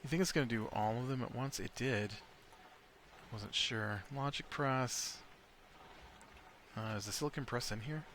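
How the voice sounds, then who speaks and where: Slow, bright-voiced American man rambling. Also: medium pitch, a little hiss or hum. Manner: rambling, thinking aloud with many fillers. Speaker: let's play host. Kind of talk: casual gameplay commentary.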